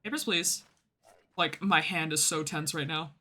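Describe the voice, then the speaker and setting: Very bright, chatty gaming streamer. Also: mid-range voice, flat delivery, unhurried, a little hiss or hum. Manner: chatty, jokey, easily flustered; reads game text aloud. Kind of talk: casual gameplay commentary.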